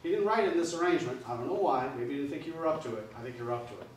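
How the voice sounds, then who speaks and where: An older man from New Orleans coaches a school jazz band, scatting drum rhythms aloud with a joking touch. His voice sits a bit high for a man. The band room is very echoey, and he is heard from a distance over faint room noise. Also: expressive, racing. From New Orleans, USA. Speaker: band clinician. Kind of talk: jazz band clinic instruction.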